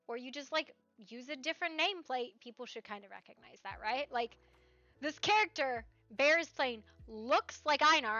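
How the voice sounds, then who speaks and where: Bright rambling woman streamer. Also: high voice, dry recording. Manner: rambling, animated, asks "right?" often. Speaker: roleplay streamer. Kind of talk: casual stream chat. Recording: slightly dull stream mic with faint music.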